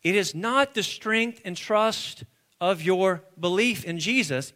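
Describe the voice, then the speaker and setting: Male preacher, high bright voice, lively and expressive delivery that drops to a hush and rises again. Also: takes it slowly. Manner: swings between hushed and emphatic, call-and-response questions. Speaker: pastor. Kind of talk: sermon.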